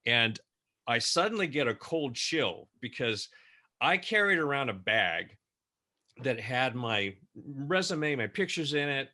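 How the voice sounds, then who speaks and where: A man co-hosting an interview, telling a personal anecdote in a lively way and acting out the dialogue. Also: mid-range voice. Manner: lively storyteller who acts out quoted dialogue. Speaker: co-host.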